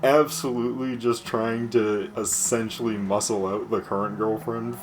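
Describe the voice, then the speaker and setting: A man with a lowish voice chats loosely over a racing game, spinning gossip with lots of energy and plenty of swearing. He laughs easily and keeps the talk rolling. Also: normal speed, background noise. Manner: animated gossipy storytelling, swears freely, laughs often. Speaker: co-host chatting over a racing game playthrough. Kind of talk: casual gaming chat.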